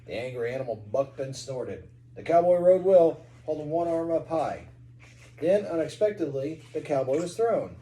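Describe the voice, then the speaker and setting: A man's voice: a little high, expressive, normal speed, mellow, roomy sound, rough recording. A man from Kentucky, a parent reading a storybook aloud to a child at home, with chatty asides.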